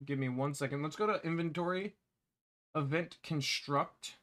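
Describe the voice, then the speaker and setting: Bright-voiced man thinking aloud. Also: fairly high pitch. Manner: halting, self-correcting, mutters to himself. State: hiccuping. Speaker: game developer. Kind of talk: thinking aloud while working.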